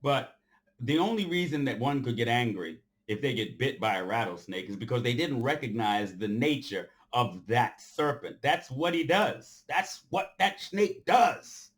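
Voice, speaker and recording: A man of middling pitch delivers a fired-up, unscripted lecture to his followers. He hammers home his points by repeating lines, now and then surging to loud outbursts before dropping low and quiet. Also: expressive, moderate pace. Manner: forceful and preachy, repeats phrases for emphasis. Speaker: commentator addressing his followers. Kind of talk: off-the-cuff impassioned monologue.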